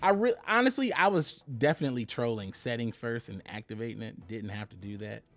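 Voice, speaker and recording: Animated man streaming a card game. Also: medium pitch, a little fast. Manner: animated, laughing, chatty with chat viewers. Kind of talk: live gameplay commentary.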